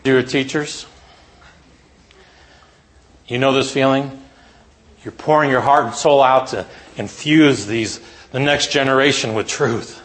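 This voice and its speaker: A man delivers a sermon to a room of teachers, retelling a story with dramatic flair. He peppers his talk with rhetorical questions, and his voice sits a little high. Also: takes it slowly, pauses often, fairly bright tone. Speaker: preacher addressing teachers.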